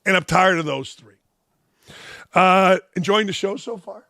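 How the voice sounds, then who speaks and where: A man's voice: sits high, a little slow, creaky, sharp tone, dry recording, studio quality. A man in his sixties from Northwest Indiana hosting a sports commentary show, blunt, combative and profane, a little under the weather. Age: 60s. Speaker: host.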